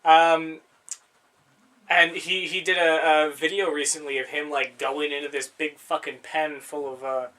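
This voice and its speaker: A man's voice: fairly high pitch, flat delivery, unhurried, pushed and bright. Rambling, laughing young man. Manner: rambling, swears freely, laughs often. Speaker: podcast co-host. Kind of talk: casual chat.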